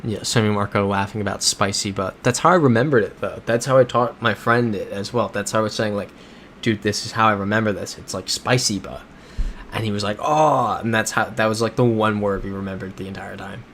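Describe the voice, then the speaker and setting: A somewhat low-voiced streamer talks a little fast in a casual, meandering chat while playing a geography game. Laid-back and prone to soft chuckles, he reads out viewer comments and answers them; a faint noise hum sits behind him.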